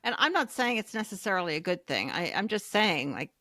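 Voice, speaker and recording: A woman's voice: medium pitch, very animated, brisk, pushed and bright, no room sound. Thoughtful woman co-host, dry recording. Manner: thoughtful, searching for words. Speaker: podcast co-host. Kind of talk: casual podcast conversation.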